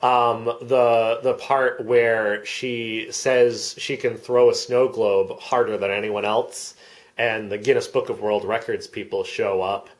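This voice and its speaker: A man's voice: lowish voice, steady tone, takes it slowly. A man on a parody commentary track, speaking matter-of-factly with many ums. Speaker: comedic fake commentary speaker.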